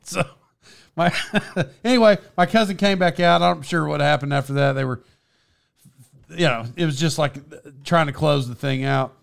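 A man's voice: a little high, normal speed, vocal fry, clean tone. A man telling stories in casual chat, laughing often.

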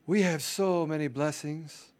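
A man putting on the voice of a soft, syrupy preacher to mock pastors. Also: on the high side, close to an everyday voice. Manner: sugary, slow, soothing preaching. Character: mock pious male pastor, soft and soothing.

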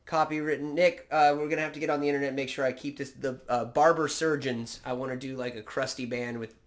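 A man's voice: mid-range voice, fairly even intonation, quick pace. A man co-hosting a casual chat, crude and joking, rambling through stories. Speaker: podcast co-host.

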